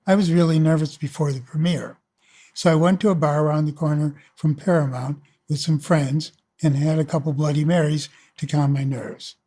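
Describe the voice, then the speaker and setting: Brief: easygoing male storyteller, slightly higher pitch, audiobook reminiscence. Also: fairly even intonation, normal speed, mellow. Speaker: filmmaker. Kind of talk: oral-history audiobook narration.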